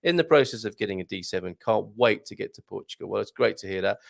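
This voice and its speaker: A man's voice: lowish voice, fast talker, vocal fry. A middle-aged man hosting a casual livestream chat and reading out viewer comments, chatty and given to laughing. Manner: chatty, animated, laughs often, reads comments aloud.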